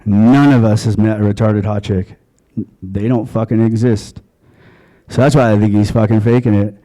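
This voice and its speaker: A man's voice: on the low side, fairly even intonation, normal speed, dark tone, low-quality recording. A man from Long Island doing a stand-up comedy set in a comedy club, crude and offhand. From Long Island, USA.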